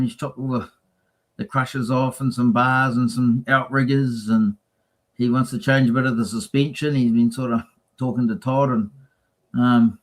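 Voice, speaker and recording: A man appearing as a guest from a racing team chats casually, telling stories and acting out the quotes in them. His voice is medium-pitched and the recording is rough.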